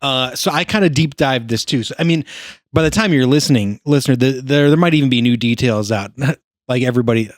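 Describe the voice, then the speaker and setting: A man's voice: mid-range voice, a little fast, no room sound, clean studio sound. A man co-hosting a podcast, easygoing in casual chat, explaining things at length. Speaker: podcast co-host.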